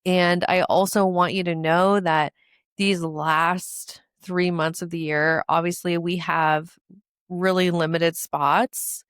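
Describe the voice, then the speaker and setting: A woman in her thirties hosts her own show, talking with earnest feeling and doubling her words for emphasis. Her voice sits a little low and sounds smooth and clear. The sound is dry and close, with no room around it. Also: fairly even intonation, takes it slowly, no echo. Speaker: podcast host and coach. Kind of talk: heartfelt promotional monologue.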